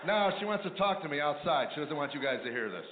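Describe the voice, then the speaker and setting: A man's voice: fairly high pitch, big pitch swings, quick pace, echoey room. A man doing a stand-up routine, telling wry, sarcastic stories about married life. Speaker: stand-up comedian. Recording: tinny phone-like line with noise.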